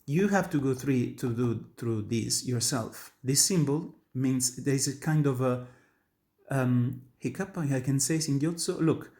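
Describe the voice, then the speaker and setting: A warm-toned man with medium pitch speaks at a measured pace. He's from Italy, a native Italian speaker with an Italian accent, and as an opera tenor and voice teacher he explains an aria to students earnestly and emphatically, often restarting his sentences, in an instructional talk on singing.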